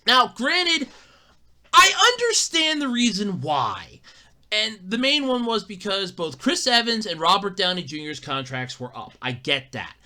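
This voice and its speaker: A solo podcast host with a bright, edgy tone and a lively voice that leaps up and down. They rant about gaming news in a profane, emphatic way, repeating themselves when worked up. Low mutters alternate with sudden loud outbursts. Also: measured pace.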